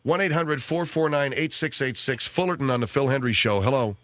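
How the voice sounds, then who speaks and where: A man's voice: mid-range voice, animated, a little fast, fairly bright tone, no echo. A man hosting a radio call-in show, dry and exasperated with his guest. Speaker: radio talk show host.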